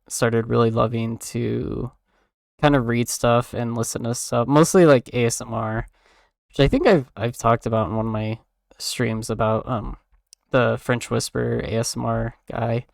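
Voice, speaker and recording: A man's voice: medium pitch, fairly even intonation, a little slow, vocal fry, darkish tone, dry recording, clean studio sound. A young man streamer chatting in a casual, rambling way, full of "like" and "um" fillers and offhand swearing.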